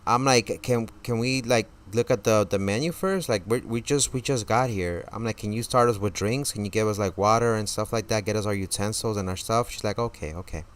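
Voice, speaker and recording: A man telling a story casually on a live stream, swearing often and stammering through restarts, his voice jumping high and loud when he reenacts his outrage. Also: fairly quick, few pauses. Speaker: gaming streamer.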